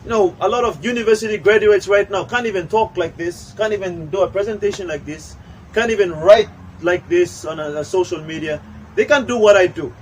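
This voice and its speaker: A workshop trainer from Papua New Guinea speaks fairly quickly in a high voice, over poor audio with some hiss or hum. Leading an animated session in a training room, he is emphatic and preachy and sometimes switches into a local language.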